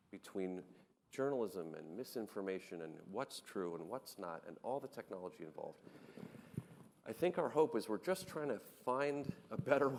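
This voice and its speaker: A man on a conference panel, telling anecdotes in an animated way with many restarts. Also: fairly low pitch, big-room sound, slight background noise. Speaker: panel guest, startup founder.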